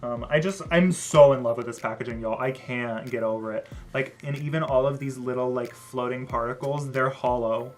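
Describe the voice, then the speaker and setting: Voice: medium pitch, moderate pace, hardly any pauses. Sassy, chatty beauty vlogger. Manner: chatty, many "like" and "um" fillers; bursts into loud excited exclamations. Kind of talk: casual product review.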